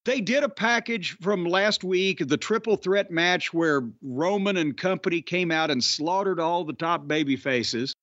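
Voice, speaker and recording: A man's voice: high voice, unhurried, hardly any pauses, a bit bright, no echo. A man hosting a podcast in casual chat, sardonic, opinionated and freely profane. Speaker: podcast host. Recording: slightly dull, dry podcast audio.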